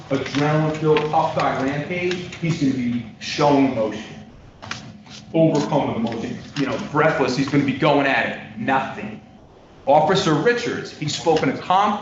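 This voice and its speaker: A male defense attorney makes his closing argument in a large courtroom, pressing his points with loud stresses and dropping into quiet asides. He sounds far from the microphone, with heavy room echo. The recording is dull and lo-fi, with steady background noise. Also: medium pitch. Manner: emphatic, repeats points for the jury, swings between loud stresses and quiet asides. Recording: distant, echoey courtroom audio, dull lo-fi with noise.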